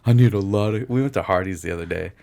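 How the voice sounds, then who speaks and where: A man's voice: low-pitched, fast talker, vocal fry, darkish tone. A man hosting a casual comedy podcast, telling profane stories and laughing at his own jokes. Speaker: podcast host.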